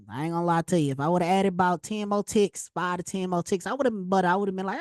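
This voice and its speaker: A woman teaching a casual trading lesson over a screen share, slangy and animated, telling stories with loud exclamations. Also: lowish voice, very fast, no room sound, studio quality. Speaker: trading instructor.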